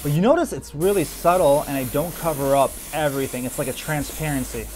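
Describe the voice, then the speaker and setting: A man giving casual how-to commentary while he airbrushes, relaxed and loose, saying "like" and "man" a lot. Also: on the high side, brisk, slight background noise. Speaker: airbrush artist.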